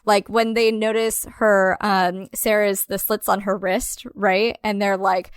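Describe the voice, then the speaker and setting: A woman talking casually on a podcast, leaning on "like" and laughing easily as she goes. Her pitch sits in an ordinary middle range. The recording is dry and close. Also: little pitch movement, measured pace, hardly any pauses, clean tone, no echo. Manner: filler-heavy, many "like"s, laughs easily. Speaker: podcast co-host. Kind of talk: casual film discussion.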